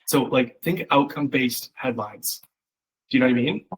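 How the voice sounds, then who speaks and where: A man's voice: medium pitch, moderate pace, husky, rough recording. A man working as a copywriting coach, giving a loose, chatty one-on-one critique full of fillers and acted-out examples. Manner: loose and chatty, many fillers, acts out quoted voices. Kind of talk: casual one-on-one copy critique.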